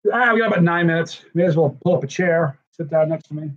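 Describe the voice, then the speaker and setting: Tired, husky male streamer with a slightly high voice, rambling warm thanks, muffled lo-fi sound. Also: fast talker. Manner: effusive, rambling thank-yous to viewers. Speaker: livestream host. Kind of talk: casual livestream chat. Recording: dull lo-fi stream audio.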